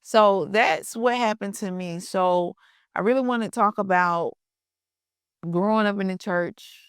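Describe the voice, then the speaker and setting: A woman telling her own story in a relaxed, chatty way, speaking to her listeners as y'all. Her voice is smooth and resonant, with a mid-range pitch. The sound is dry and close, with no room echo. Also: unhurried. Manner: conversational, addresses listeners as y'all, colloquial grammar. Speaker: podcast host sharing her testimony. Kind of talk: casual personal storytelling.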